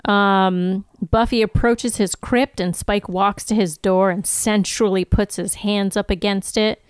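Woman recapping a show, smooth dry voice. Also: medium pitch, fairly even intonation, unhurried, dry recording. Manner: narrates plot in detail, reading out lines. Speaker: podcast co-host recapping episodes. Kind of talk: casual chat with scene-by-scene recap.

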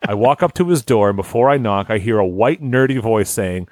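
A man's voice: lowish voice, expressive, fairly quick, few pauses, darkish tone, dry recording. A man hosting a podcast, reading a listener's story aloud in casual chat, often breaking into laughter and stumbling over words.

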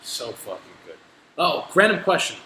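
A young man hosting a casual chat, telling animated stories with plenty of swearing. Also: fairly high pitch, moderate pace, vocal fry. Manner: animated storytelling, heavy swearing. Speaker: podcast host. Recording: echoey room, faint noise.

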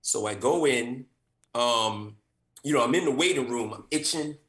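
A man, an actor, telling an animated story about an audition and acting out the people in it. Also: medium pitch, moderate pace, reverberant. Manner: animated, acts out quotes with big voice swings.

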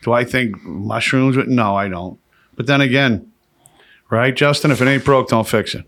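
A man, hosting a podcast and telling profane, animated stories with laughs. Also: medium pitch, moderate pace. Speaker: podcast host. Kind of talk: casual storytelling chat.

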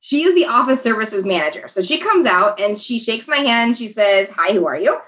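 A woman, a guest in a conversation, tells a story in a lively, chatty manner with many fillers. Her voice sits a little higher than most. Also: normal speed. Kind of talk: casual storytelling.

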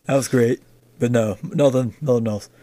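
A man's voice: mid-range voice, normal speed, dark tone, dry recording. A man co-hosting a casual podcast chat, sarcastic and swearing freely. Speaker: podcast co-host.

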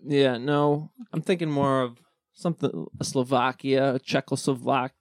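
A man's voice: medium pitch, flat delivery, normal speed, no echo, clean studio sound. A man co-hosting a podcast, rambling and joking in casual banter, full of restarts. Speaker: podcast co-host.

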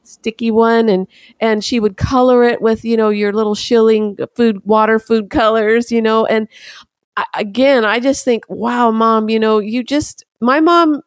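Older woman, higher voice, dry sound. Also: steady tone, moderate pace, dry recording. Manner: rambling with restarts, laughing fondly. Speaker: guest mother. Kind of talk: casual storytelling.

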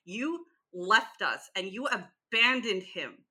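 A woman's voice: mid-range voice, big pitch swings, slow pace, bright, forceful tone, husky, heavily acted. A woman voicing a young woman who bluntly confronts the mother who abandoned her, swearing and giving orders. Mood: cold anger.

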